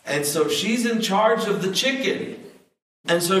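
A man preaching a sermon, telling stories in a lively way and acting out the voices he quotes. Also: high voice, unhurried. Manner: storytelling, animated, acts out quoted voices. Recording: echoey hall, mic at a distance.

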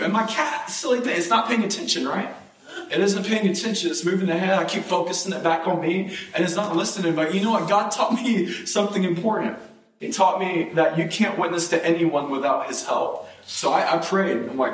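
A man preaching a sermon and telling a personal story, his voice jumping up high when he gets excited. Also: fairly quick, echoey room, distant mic, low-quality recording.

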